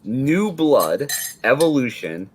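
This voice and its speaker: A man's voice: mid-range voice, sing-song, takes it slowly, slight background noise. A man co-hosting a wrestling podcast in casual chat, explaining facts and often repeating words as he goes. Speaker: podcast co-host.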